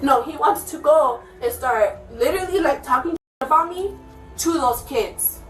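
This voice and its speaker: A woman with a high voice pours out a heated, profane account to an officer. She sounds far off, picked up by a bodycam in an echoey house. Faint music plays beneath her. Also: lively intonation. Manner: heated, fast, swearing, venting. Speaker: resident speaking to police. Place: inside a house, indoors. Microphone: police bodycam from a distance.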